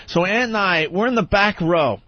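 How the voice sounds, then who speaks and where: Animated male radio co-host telling a story. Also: sits high, normal speed, no room sound. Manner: animated, acts out the voices of people in his story. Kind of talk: casual storytelling on talk radio. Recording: slightly dull, dry studio sound.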